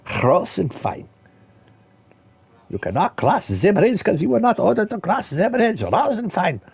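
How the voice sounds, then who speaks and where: A man's voice: sits high, huge pitch swings, unhurried, creaky, husky, voice pushed up, heavily acted. A man voicing a stern male guard with a put-on German accent, barking clipped orders. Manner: clipped, shouted commands.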